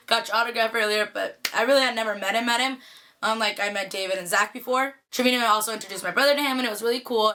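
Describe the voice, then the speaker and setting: A young woman from the Bay Area telling a casual storytime vlog, chatty and animated, full of "like" fillers. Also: fairly high pitch. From Bay Area, California. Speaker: vlogger.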